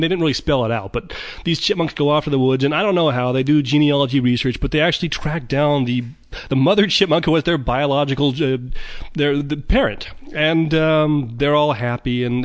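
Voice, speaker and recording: Fast-talking man rambling through a story. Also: on the high side. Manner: rambling, with stammered restarts. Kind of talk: casual storytelling monologue.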